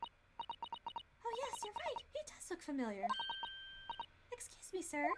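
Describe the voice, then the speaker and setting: A woman voicing a polite, gentle young female assistant who talks in a soft, courteous and measured way. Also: extremely high pitch, huge pitch swings, heavy background noise, voice pushed up, full character voice.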